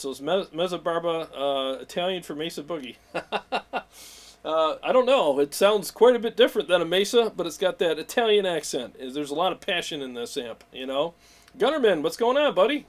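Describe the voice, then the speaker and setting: A man hosting a weekly livestream, talking in an excitable, rambling way and greeting viewers by name. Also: fairly high pitch. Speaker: livestream host. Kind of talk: casual livestream chat.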